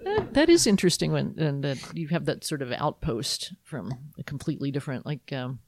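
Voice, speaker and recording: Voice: mid-range voice, big pitch swings, fairly quick, darkish tone, dry recording. A podcast co-host chatting casually, reacting and teasing the others. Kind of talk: casual chat.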